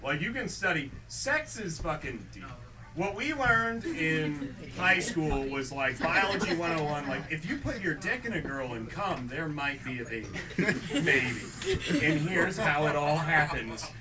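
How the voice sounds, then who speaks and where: A young man doing stand-up comedy, telling stories in a deadpan way and acting out both sides of each exchange. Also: fairly high pitch, unhurried, over a noisy crowd. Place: small theatre stage. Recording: distant mic with audience laughter.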